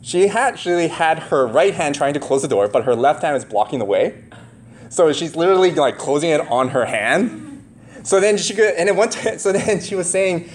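A man in his thirties preaching in a loose, chatty way, packing his talk with fillers and quick asides to the listeners. His pitch swings widely, rising and falling as he goes. Faint room ambience sits behind his voice. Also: lively intonation, slight background noise. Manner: conversational, rambling with many fillers and asides to the congregation. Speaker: pastor. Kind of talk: sermon.

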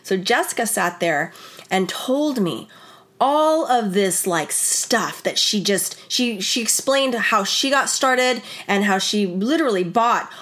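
A woman telling a personal story to camera in a casual, animated, rambling way, full of "like" and retold conversations. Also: medium pitch, takes it slowly. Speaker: wellness vlogger and former wedding photographer.

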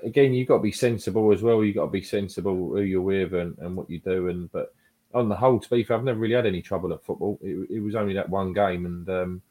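A man with a very deep voice co-hosts a casual fan chat. He talks in a laid-back, blunt manner and leans on fillers as he thinks aloud. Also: steady tone, fast talker, warm tone. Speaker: podcast co-host.

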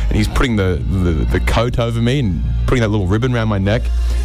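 A man's voice: on the low side, expressive, fast talker, a little mellow, soft background music. A young man hosting a comedy podcast, telling rambling, sarcastic stories and swearing freely.

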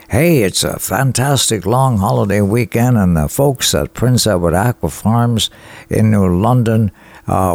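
A man hosting a radio show, introducing songs and reading listener greetings in an enthusiastic, halting way full of fillers. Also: lowish voice, creaky, darkish tone, no room sound. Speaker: radio host. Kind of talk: radio dedications and song intros.

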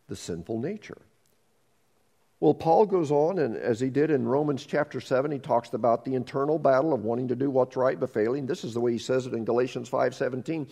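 Pastor guy preaching sunday service, kinda high voice that swoops up and down a lot, acts stuff out. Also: a little fast, creaky. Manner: animated preaching, acts out inner voices, repeats words. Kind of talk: sermon.

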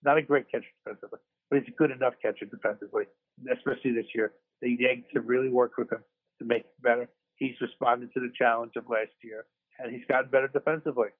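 A man co-hosting a sports podcast from a hospital room after surgery, rambling and self-deprecating with lots of restarts. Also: medium pitch. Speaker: podcast co-host. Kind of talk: casual sports podcast chat. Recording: tinny phone line.

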